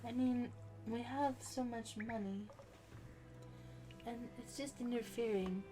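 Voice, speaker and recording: A woman's voice: a little high, slow pace. A young woman chatting casually and thinking aloud as she plays a video game. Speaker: gaming channel host. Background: game music and keyboard typing.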